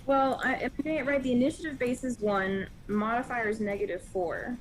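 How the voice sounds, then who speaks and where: A woman's voice: fairly high pitch, fairly even intonation, normal speed, a little hiss or hum, poor audio. Upbeat woman at a tabletop game. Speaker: player. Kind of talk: casual tabletop play.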